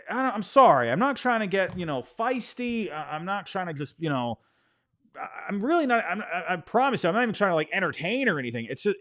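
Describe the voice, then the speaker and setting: A sports podcast host with a high-pitched voice rants animatedly about sports in a casual way. Exasperated, he repeats himself and says sorry for going off.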